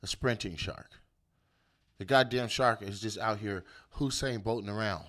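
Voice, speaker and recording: Seorang pria sebagai komedian pembawa acara yang mengomentari berita dengan kasar, penuh umpatan, dan meledak-ledak dengan suara tiruan. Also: male voice, on the low side, measured pace. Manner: animated, profane, jumps into loud bits and mock voices. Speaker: comedian host. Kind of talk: comedic rant on the news.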